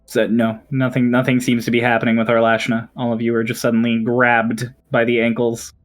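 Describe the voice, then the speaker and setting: A man narrating as dungeon master, relaxed and chatty, with fillers. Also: medium pitch, brisk. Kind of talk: narrating a tabletop game.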